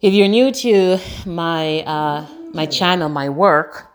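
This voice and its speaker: Give me a woman leading a slow, soft morning prayer from her bedroom. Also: on the low side. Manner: sing-song greetings, baby talk to her dog. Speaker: morning devotional host. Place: bedroom at home.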